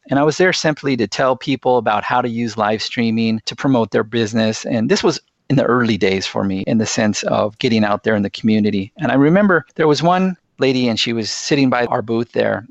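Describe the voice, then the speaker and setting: A man's voice: medium pitch, gravelly, no room sound, muffled recording. A man speaking as a podcast guest, earnest and enthusiastic as he tells stories. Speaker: guest, sales executive. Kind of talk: podcast interview.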